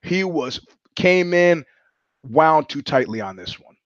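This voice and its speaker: A man's voice: on the high side, animated, slow pace, no echo, muffled recording. A man hosting a podcast, telling stories in a blunt, profane, rambling monologue with frequent restarts. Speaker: podcast host. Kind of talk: casual monologue.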